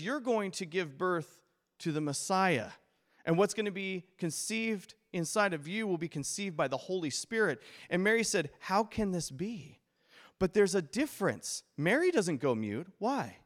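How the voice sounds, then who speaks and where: A man preaching a sermon as pastor, animated and playful, acting out the voices he quotes with humor. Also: fairly high pitch, big-room sound.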